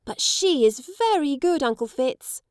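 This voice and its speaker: A woman voicing an excited young boy in an audiobook reading, high and exclamatory. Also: unhurried, no echo, clean studio sound. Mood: eager.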